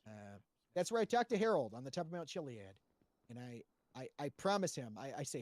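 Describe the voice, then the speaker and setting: A man's voice: medium pitch, big pitch swings, brisk, a little mellow, no echo. A man retelling roleplay events to a panel in a rambling, profane way, full of fillers and restarts. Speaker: roleplay player giving testimony to a panel.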